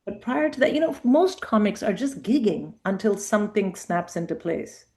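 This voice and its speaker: A middle-aged woman comedian chatting as a guest in a casual interview, telling lively anecdotes and acting out quoted dialogue. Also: mid-range voice, normal speed.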